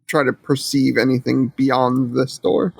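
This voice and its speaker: Gravelly, joking man at the game table. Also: mid-range voice, little pitch movement, measured pace, a little mellow, no room sound. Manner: joking, wry asides. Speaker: player.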